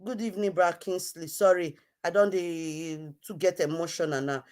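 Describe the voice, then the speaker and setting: A woman's voice: fairly low pitch, fairly even intonation, normal speed, a little mellow. Scolding woman. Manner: scolding, repetitive, emphatic. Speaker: online show host. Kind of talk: heated live-stream rant.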